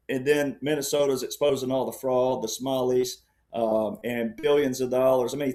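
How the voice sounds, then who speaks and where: A man speaking as a panel guest in conversational political commentary, rambling and insistent, often checking in with "all right". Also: medium pitch.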